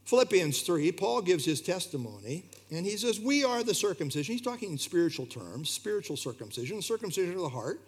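A man's voice: high voice, very animated, a little fast, hardly any pauses, slightly rough. A man preaching a sermon in an earnest, emphatic way, his delivery rising and falling. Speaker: pastor.

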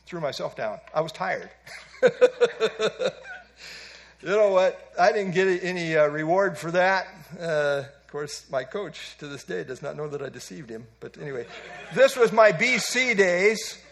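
A man's voice: on the high side, lively intonation, measured pace, fairly bright tone. An older man giving an evening Bible teaching as a preacher, folksy and self-deprecating as he tells stories.

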